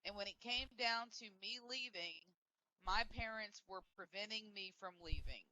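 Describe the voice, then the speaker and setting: A woman's voice: mid-range voice, normal speed, pushed and bright, rough recording. A woman in a casual voice chat who talks over the others insistently. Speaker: voice chat participant. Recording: faint background noise.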